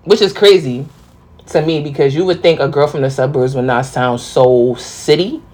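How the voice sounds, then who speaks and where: A woman's voice: extremely low pitch, moderate pace, darkish tone, slightly rough. Young bronx girl with a thick ny accent doing her podcast, slangy and rowdy, just chatting solo. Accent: New York. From New York, the Bronx. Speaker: podcast host. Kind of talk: casual solo podcast monologue.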